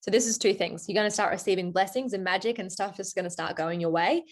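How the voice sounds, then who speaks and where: A woman's voice: mid-range voice, quick pace. A young adult woman coaching her team over a video call, chatty and motivational, walking them through affirmations. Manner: upbeat, chatty, motivational, reads affirmations aloud. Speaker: team coach leading a recruiting session. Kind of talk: live online coaching session.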